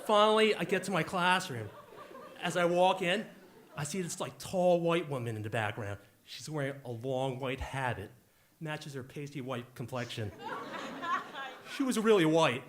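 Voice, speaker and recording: A man in his forties tells a personal story on a live stage, talking into a handheld mic. His voice sits a little high, and his delivery is jokey and punchy with quick asides. A faint hiss lies under it.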